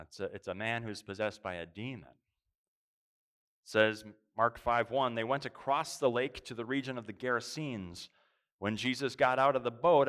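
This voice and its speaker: Animated male preacher reading scripture. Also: mid-range voice.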